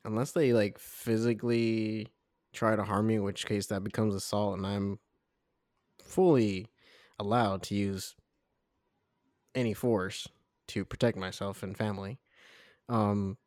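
Laid-back, rambling young man, low voice. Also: darkish tone, dry recording, clean studio sound. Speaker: podcast co-host. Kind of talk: casual podcast chat.

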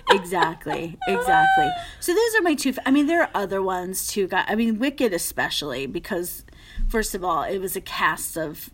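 A woman's voice: medium pitch, huge pitch swings, normal speed, slight background noise. A woman telling a funny backstage story in casual chat, often laughing and acting out what others said. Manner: laughs often, acts out quotes, lots of "like".

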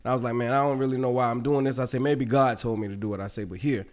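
A man's voice: mid-range voice, rapid-fire. A middle-aged man co-hosting a podcast, chatting casually and telling stories with frequent laughter and swearing. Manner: animated storyteller, laughs often, swears freely. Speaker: podcast co-host. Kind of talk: casual chat.

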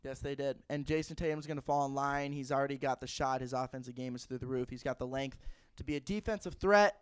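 A man's voice: mid-range voice, fast talker, smooth, no echo, clean studio sound. A man co-hosting a podcast, chatting about sports in an enthusiastic, emphatic way, often restarting his sentences. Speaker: podcast co-host. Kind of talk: casual sports chat.

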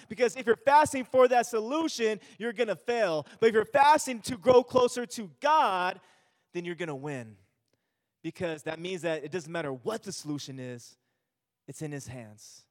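A man's voice: sits high, big-room sound. A male pastor giving an earnest sermon, repeating himself and restarting phrases as he speaks.

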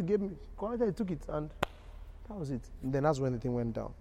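A man preaching a sermon, often asking "you understand?" and building from quiet storytelling to loud, emphatic peaks. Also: fairly high pitch, big pitch swings, a little fast, background noise.

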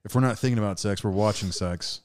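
A man co-hosting a casual podcast, talking in an animated, swearing way with lots of laughter, a little tipsy on wine. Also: lowish voice, fast talker. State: drinking wine. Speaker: podcast co-host.

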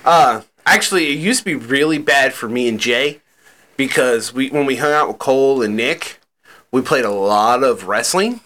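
A man with a bright, edgy voice rambles about old video games on a casual podcast. He talks loosely, swears freely and fills his sentences with "like" and "uh.". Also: medium pitch, lively intonation, moderate pace. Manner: loose, profane and chatty, with fillers like "like" and "uh". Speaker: podcast co-host. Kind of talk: casual chat.

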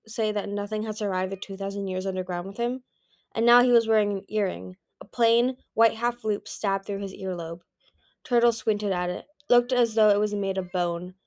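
A woman reading a fantasy novel aloud, with occasional slips and self-corrections. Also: mid-range voice. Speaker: reader. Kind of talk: audiobook reading.

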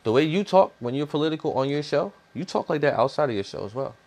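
A man's voice: on the high side, sing-song, quick pace, a little mellow. A man delivering a heated, profane opinion rant as a commentator, blunt and swearing constantly.

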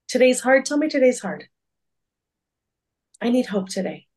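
A woman's voice: a little high, sing-song, a little slow, a little mellow. A woman co-hosting a faith-based podcast, talking earnestly and reflectively with many fillers. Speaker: podcast co-host.

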